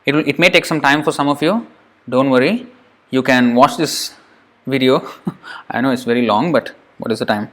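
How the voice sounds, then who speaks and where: A man teaching Sanskrit pronunciation in a relaxed lesson. He repeats each sound several times and thinks aloud. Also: medium pitch, moderate pace. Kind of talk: informal lesson drilling sounds.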